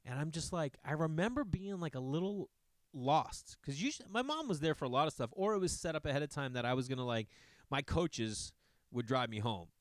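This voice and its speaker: A man telling a long personal story in a casual, animated way, swearing often and jumping into asides. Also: on the high side, fairly quick, no echo.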